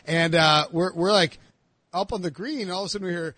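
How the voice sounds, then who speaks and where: A man hosting a podcast, telling a story in casual chat and acting out the shouted lines. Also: high voice, brisk, no room sound. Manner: animated storyteller, acts out shouted quotes. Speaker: podcast host.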